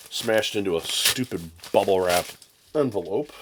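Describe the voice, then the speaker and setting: A man's voice: low-pitched, animated, normal speed, noisy background. A man hosting a casual unboxing vlog at his desk, rambling and sarcastic, with mock rants. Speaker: channel host. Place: home desk with camera and laptop.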